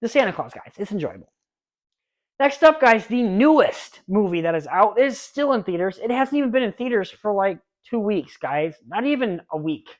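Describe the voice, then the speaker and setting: A man's voice: high-pitched, sing-song, normal speed. An eager young man in his late twenties chats through a casual movie review vlog. His talk is loose and rambling, full of restarts, asides and gushing enthusiasm. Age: late 20s.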